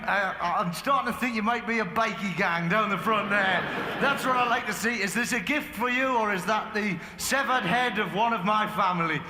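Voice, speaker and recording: A man doing stand-up crowd work on a theatre stage, rambling and excitable, chatting with the audience and breaking into sudden shouts. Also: high voice, normal speed, few pauses. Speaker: stand-up comedian. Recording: echoey live theatre recording with crowd noise.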